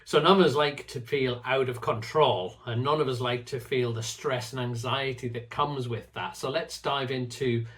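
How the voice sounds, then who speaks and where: A man's voice: medium pitch, steady tone, moderate pace, few pauses, a bit bright. Earnest middle-aged man teaching faith. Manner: earnest, repeats words when starting phrases. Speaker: faith teacher and channel host. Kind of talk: reflective talk to camera.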